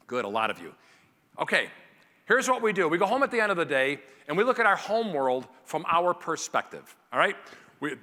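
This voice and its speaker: Animated man giving a keynote in a hall. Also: high-pitched. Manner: animated, acts out family scenes in character voices. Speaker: keynote speaker. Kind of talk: motivational keynote speech. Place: large conference hall. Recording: reverberant hall.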